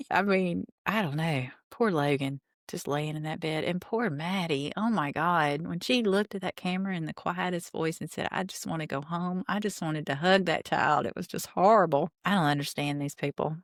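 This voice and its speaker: At a moderate pace and in a low-pitched voice, this woman hosts a podcast rewatching reality TV, recounting scenes and quoting lines with chatty indignation. The recording is dry and studio quality.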